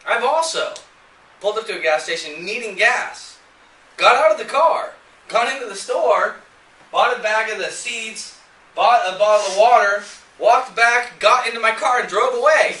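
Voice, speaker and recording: A man's voice: very high voice, normal speed, background noise. A man presenting a sales seminar who gets fired up and keeps quizzing his live audience. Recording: echoey room, mic at a distance.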